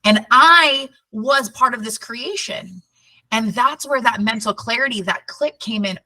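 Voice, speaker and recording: Bright-voiced woman telling a story. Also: fairly high pitch, a little slow, dry recording, distant mic, rough recording. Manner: lively, chatty, laughs often. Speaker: podcast guest. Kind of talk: animated personal storytelling.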